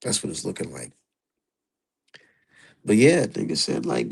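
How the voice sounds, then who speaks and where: A man's voice: low-pitched, slow pace, vocal fry, long pauses, husky, rough recording. A man streaming live, giving casual, profane commentary and talking straight to his chat. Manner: profane, animated, talks to chat.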